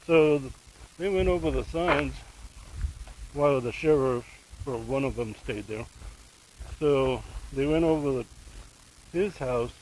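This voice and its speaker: A man casually retells a true crime case, rambling and emotionally invested, with asides to the viewer. His medium-pitched voice is a little mellow and slow with frequent pauses, and the low-quality recording has a little hiss or hum.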